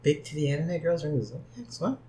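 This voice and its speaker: A man's voice: a little high, big pitch swings, fast, warm tone. A man chatting casually on a podcast, giving dry, offbeat replies. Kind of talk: casual chat.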